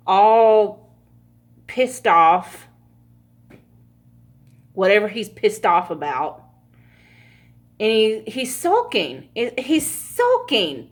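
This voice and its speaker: A woman giving a casual pick-a-card tarot reading, chatty and laughing often, with frequent swearing. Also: mid-range voice. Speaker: tarot reader.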